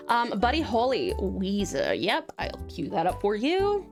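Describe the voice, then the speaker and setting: A woman's voice: mid-range voice, wildly swooping pitch, normal speed, gravelly, over music. A young woman from Australia with an Australian accent tinged with American, chatting bubbly on a live stream, greeting viewers with pet names and laughing often. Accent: Australian with American traces. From Tasmania, Australia. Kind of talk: casual live-stream chat.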